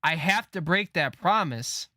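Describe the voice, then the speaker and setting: A man reading the lines of a determined young woman who is leaving the boy she raised, in a slow, earnest delivery. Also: a little high, expressive, pushed and bright, no room sound, clean studio sound, exaggerated voice.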